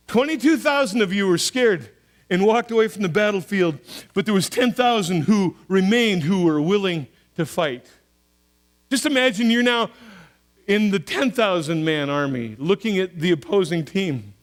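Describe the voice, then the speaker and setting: A man, preaching a sermon as pastor, telling stories and acting out voices with big swings in pitch and loudness. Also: a little slow. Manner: storytelling, acts out voices of soldiers and God, animated swings in pitch and loudness.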